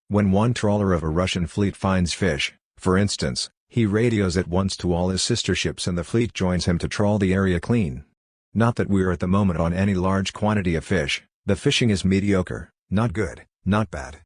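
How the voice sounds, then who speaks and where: A man reading a literary novel aloud as an audiobook narrator, in a measured, reflective manner. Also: low-pitched, no room sound, studio quality.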